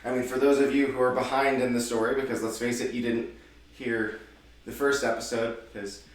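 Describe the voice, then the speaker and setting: A man's voice: medium pitch, little pitch movement, fairly quick. A man acting as dungeon master who hosts and narrates a tabletop game like an announcer and laughs often. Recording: echoey room, from far off.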